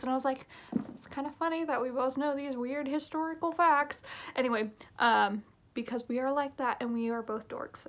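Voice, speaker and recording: High-voiced woman for a casual book vlog; rambling, gushing delivery. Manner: gushing, chatty, full of fillers and "oh my gosh". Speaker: book reviewer.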